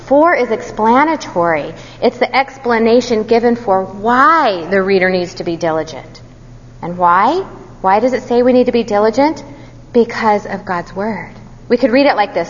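A woman's voice: mid-range voice, animated, moderate pace. Earnest woman teaching from the Bible. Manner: earnest, questioning the listeners, self-deprecating asides. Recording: dull, roomy recording with long reverb and faint background hum.

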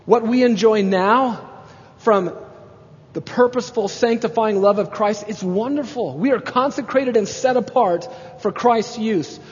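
A man's voice: sits high, measured pace, darkish tone. A pastor preaching a sermon with emphasis, building to exclamations as he makes his points. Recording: dull sound with long hall reverb.

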